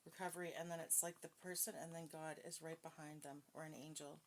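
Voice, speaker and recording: Lady doing a chatty tarot reading, lowish voice, noisy background, keeps asking okay?. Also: little pitch movement, fast talker. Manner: chatty, self-deprecating, talks straight to viewers with frequent "okay?". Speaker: tarot card reader. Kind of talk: casual spiritual card reading.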